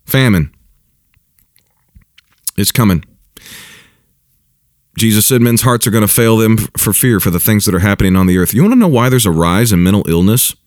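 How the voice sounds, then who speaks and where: Man, pastor, casual commentary, very low voice, repeats and restarts, dry recording. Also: animated, no echo. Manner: halting and repetitive, with chuckles and mocking mimicry.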